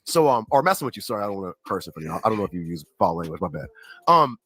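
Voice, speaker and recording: Animated man rambling on a livestream. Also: on the low side, rapid-fire, breathy edge, rough recording. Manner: rambling, slangy, full of filler words. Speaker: livestream regular reading chat. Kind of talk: casual livestream chat.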